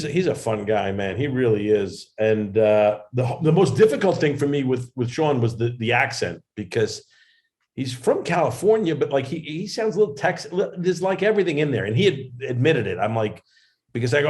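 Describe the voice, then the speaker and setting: A man's voice: mid-range voice, expressive, moderate pace, darkish tone. A man, a comedian and actor, telling rambling self-deprecating stories as a guest over a video call. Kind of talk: casual interview storytelling.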